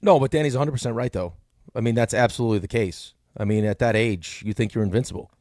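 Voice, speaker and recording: A man co-hosting a sports talk radio show, joking around and talking quickly into a studio mic. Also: mid-range voice, a little mellow, dry recording. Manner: quick, joking, hamming up ad reads.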